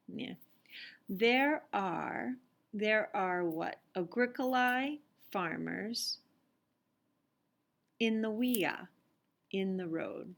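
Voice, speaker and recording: Her voice sits at a medium pitch with a fairly bright tone. This Latin teacher works through worksheet exercises with patience, pronouncing each phrase aloud as she explains the examples.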